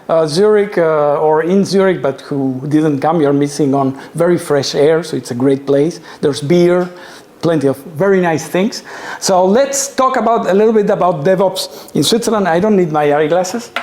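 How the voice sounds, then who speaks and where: A man's voice: high-pitched, darkish tone. A man giving a chatty live presentation to an audience in an office tower, joking and putting questions to the crowd. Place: event space in an office tower.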